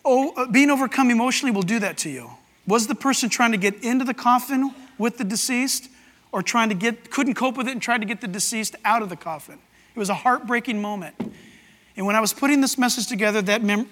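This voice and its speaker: A pastor with a high, bright, forceful voice delivers a sermon to his church. He is animated and breaks into sudden shouts to act out the scripture. His voice rings with the long reverb of a large sanctuary.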